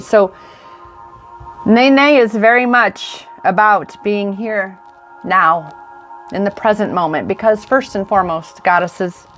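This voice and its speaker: A woman's voice: mid-range voice, unhurried, a bit bright, soft background music. A woman in her forties, an intuitive coach, giving a heartfelt, affirming card reading on a livestream. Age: 40s. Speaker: intuitive coach and tarot reader. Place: indoors in front of a camera.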